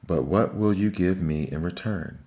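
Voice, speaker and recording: Man reading as a scheming little storybook creature, raspy and cackling, very low voice. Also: moderate pace, a little mellow. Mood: sly. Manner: scheming bargainer.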